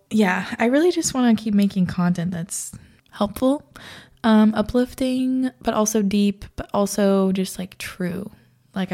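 A woman's voice: mid-range voice, mellow. A woman vlogger talking in a rambling, candid casual chat, full of fillers and swearing.

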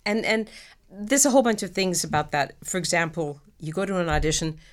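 Middle-aged actress, low voice, animated storyteller who laughs easily. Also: female voice, fairly quick. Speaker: actress guest. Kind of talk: casual interview chat.

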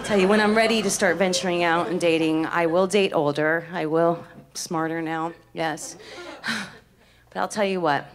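A woman from Miami doing stand-up comedy, brash and animated, swearing freely on a live stage mic. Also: lowish voice, moderate pace. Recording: live stage mic with loud crowd laughter.

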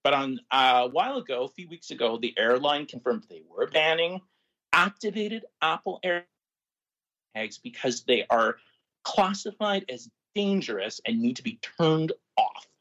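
A man co-hosts a relaxed news chat and reads stories aloud to the others. His pitch moves up and down a lot as he talks. He laughs easily between items. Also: a little slow, muffled recording. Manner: animated, laughs often, reads articles aloud. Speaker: co-host reading news items.

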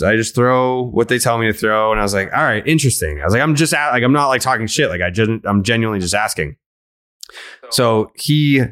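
A man's voice: medium pitch, fairly bright tone. A man telling a long story on a podcast, rambling and profane, filling it with "like" and quoting himself and others. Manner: rambling, profane, many "like" fillers, quotes himself. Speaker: podcast host.

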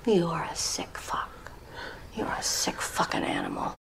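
A woman's voice: sits low, huge pitch swings, normal speed, vocal fry, fairly bright tone, heavily acted. An actress playing a stern older woman executive who scolds a younger man in a cold, cutting whisper, in a TV drama scene. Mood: contemptuous.

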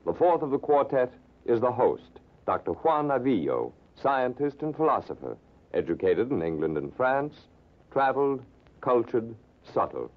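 A man narrating the opening of an old radio drama in a measured announcer manner. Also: mid-range voice, sing-song. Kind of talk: scripted narration. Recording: narrow lo-fi old radio broadcast.

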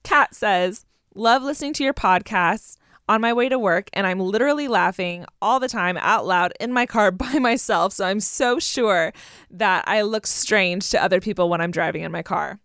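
A woman's voice: medium pitch, normal speed, a bit bright, clean tone, dry recording, studio quality. Chatty woman podcast co-host. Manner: reads out listener messages, chatty and giggly. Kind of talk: casual chat.

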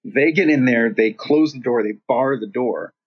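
A man's voice: mid-range voice, normal speed, breathy edge. A man telling a casual, profane anecdote, acting out the people in it, in a dull lo-fi recording. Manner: profane, animated storytelling with quoted voices.

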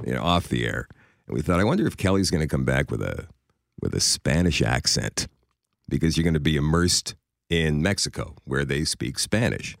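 A man hosting a casual radio chat, lively and laughing often as he retells stories. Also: a bass voice, normal speed, gravelly, no room sound, clean studio sound. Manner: lively, laughs often, quotes people in voices. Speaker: radio show host.

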